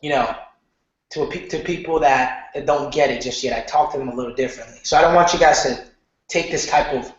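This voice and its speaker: A man teaching an online marketing lesson in a casual, animated way, often checking in with "okay?" and slipping into slang. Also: medium pitch, fairly quick. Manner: animated, repeats "okay?", loose slangy talk. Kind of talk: casual training lecture. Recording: very echoey, muffled room.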